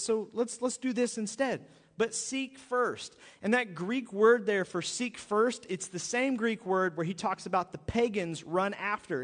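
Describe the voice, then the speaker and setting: A man preaching a sermon in an animated, pleading and joking way to his congregation. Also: sits high, in a large hall. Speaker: pastor.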